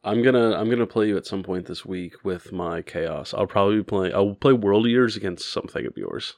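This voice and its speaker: Co-host guy cracking jokes, gravelly voice, dry close sound. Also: on the low side, expressive, brisk, a little mellow, no room sound. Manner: joking, teasing banter. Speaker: podcast co-host. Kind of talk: casual gaming chat.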